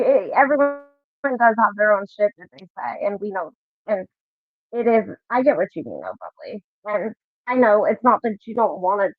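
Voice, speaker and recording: A woman's voice: medium pitch, no echo. A woman hosting a livestream, talking in a loose, friendly, reassuring way in casual chat. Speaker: livestream host. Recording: tinny dry call audio.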